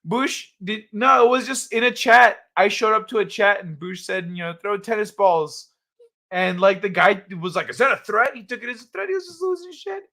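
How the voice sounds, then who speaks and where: A man's voice: high voice, moderate pace, gravelly. A man hosting a late-night livestream, chatting casually with viewers, laughing often and swearing while retelling stories. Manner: laughs a lot, swears, quotes people in animated voices. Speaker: livestream host. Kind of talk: casual chat with live chat.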